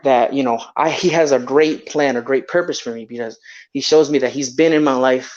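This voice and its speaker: A man's voice: mid-range voice, fairly quick, darkish tone. A young man telling a personal story in casual talk, rambling with many fillers and restarts. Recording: dull lo-fi sound.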